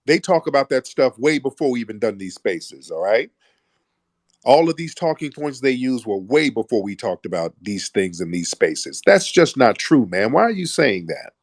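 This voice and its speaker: A man's voice: medium pitch, big pitch swings, moderate pace, no room sound, studio quality. A man hosting a call-in debate, combative and interrupting, pressing the caller with repeated questions. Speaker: host of an audio chat room.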